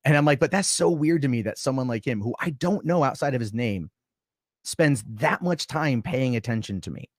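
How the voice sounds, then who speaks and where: A man who is a guest on a live stream, answering accusations in a defensive, halting way and swearing often. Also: mid-range voice, animated, dry recording, clean studio sound.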